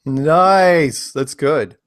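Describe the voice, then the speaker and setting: A man's voice: fairly high pitch, very slow, no room sound, studio quality. A man chatting casually as a guest, telling a long, rambling story and often repeating his words. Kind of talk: casual chat.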